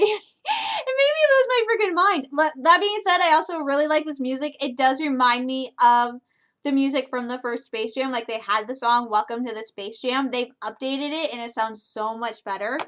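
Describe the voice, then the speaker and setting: A high-pitched young woman from Michigan with a bright, forceful voice chats casually in a reaction vlog. She gushes with excitement and breaks into laughter often. She sounds like she is in her twenties. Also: moderate pace. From Michigan, USA. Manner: gushing, excitable, bursts of laughter. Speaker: YouTuber reacting to a trailer.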